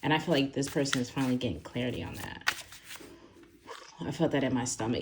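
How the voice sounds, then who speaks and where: Low-voiced woman giving a rambling tarot reading. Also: quick pace, a little hiss or hum. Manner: rambling, filler-heavy, laughs often. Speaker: tarot reader.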